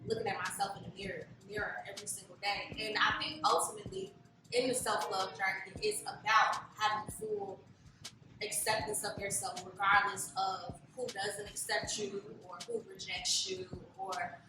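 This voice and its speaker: A woman's voice: medium pitch, big pitch swings, normal speed, very echoey, far from the mic, background noise. A woman in her late twenties, a guest in an interview, talking in a chatty, reflective way with lots of fillers. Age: late 20s. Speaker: interview guest, self-love blogger. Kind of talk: casual interview conversation.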